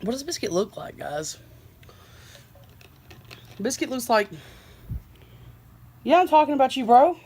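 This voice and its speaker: A woman's voice: high voice, big pitch swings, measured pace, pauses often, a little mellow, slight background noise. A young adult woman vlogging in a casual, profane, slangy way, filmed on a handheld phone outdoors by her car. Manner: laid-back, profane, slangy. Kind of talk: casual vlog chat.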